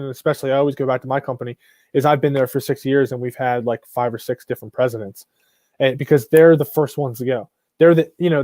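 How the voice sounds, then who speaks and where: A man's voice: medium pitch, dark tone, no echo. Male live stream host, blunt and rambling, mid-range voice, dry close sound. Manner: blunt, rambling, frequent restarts and mild swearing. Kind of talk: casual live stream commentary.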